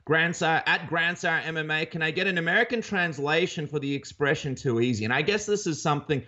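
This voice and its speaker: Fast-talking Australian man, lo-fi sound. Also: a little high. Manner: rapid, animated storytelling with frequent restarts. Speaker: podcast co-host. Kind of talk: casual podcast chat. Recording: dull lo-fi sound.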